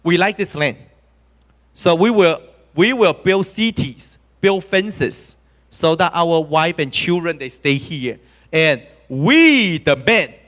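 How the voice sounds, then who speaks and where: A man's voice: a little high, fairly bright tone, in a large hall. A man voicing a group of tribesmen who earnestly plead and make promises, in a sermon retelling.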